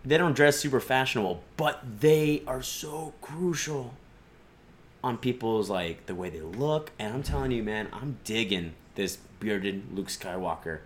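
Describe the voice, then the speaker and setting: A man's voice: mid-range voice, unhurried. A man hosting a podcast in casual, joking chat, swearing freely. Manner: animated, joking, profane. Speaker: podcast host.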